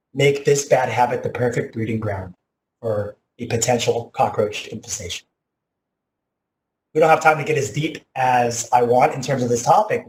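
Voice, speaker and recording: A man in his thirties telling a personal story as a motivational talk, animated, often saying "like", with loud bursts at dramatic moments. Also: medium pitch, a little hiss or hum. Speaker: teacher giving a motivational talk. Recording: echoey room.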